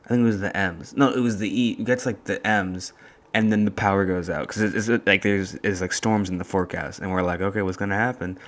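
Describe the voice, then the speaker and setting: A young man hosting a casual solo podcast from a college dorm room, talking in a soft, hushed voice and rambling through stories. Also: deep voice, steady tone, fairly quick. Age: young adult. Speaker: podcast host.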